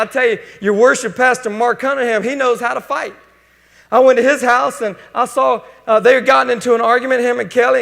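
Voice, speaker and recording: A male pastor preaching a sermon in a folksy, joking, energetic way. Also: very high-pitched, gravelly. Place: church sanctuary. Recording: church hall reverb.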